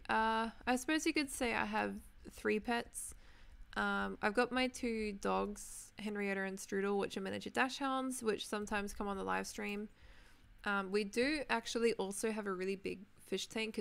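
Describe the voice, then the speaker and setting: A young woman chatting casually while streaming a building game, reading chat names and clearing her throat, her voice tired from talking. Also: medium pitch. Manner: chatty, reads out chat names, many ums. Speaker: Minecraft livestreamer.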